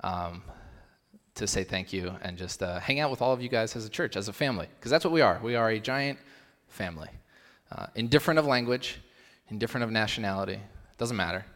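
A man's voice: lowish voice, animated, a little fast, a bit bright. A young man preaching a sermon as pastor, speaking in a casual style with fillers and lifting his voice to stress the scripture he reads. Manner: conversational, with fillers, rising emphasis when reading scripture. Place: church hall. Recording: long reverb of a church hall.

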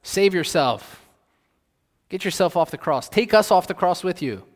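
Brief: male preacher as a taunting thief, raised and loud, long hall reverb. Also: high-pitched, animated, measured pace, voice pushed up. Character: mocking male thief jeering from a cross.

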